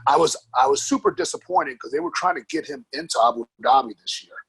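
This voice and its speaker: A man in his forties from New York, casually telling his life story in an interview, animated and swearing freely. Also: on the high side, fast talker, breathy edge, no echo, poor audio. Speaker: podcast guest, grappling coach.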